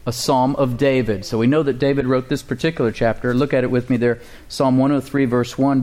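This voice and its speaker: A man's voice: medium pitch, steady tone, fairly quick, hardly any pauses, a little mellow. A man preaching a sermon to a congregation in a conversational style, asking for amens and chuckling between points. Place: church congregation.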